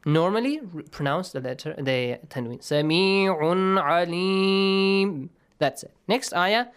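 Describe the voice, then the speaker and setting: A man's voice: a little high, very animated, normal speed, a bit bright. Man, tajweed teacher, patient, step by step, asks "yes?" often. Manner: patient, step-by-step explaining, checks understanding with "yes?". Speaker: Quran recitation teacher. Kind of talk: radio Quran lesson.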